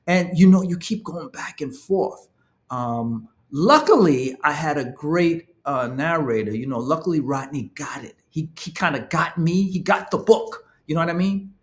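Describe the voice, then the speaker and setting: Upbeat author guy chatting to camera, kinda high voice, lots of "right?" and "you know". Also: moderate pace. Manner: enthusiastic, animated emphasis. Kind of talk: casual talk to camera.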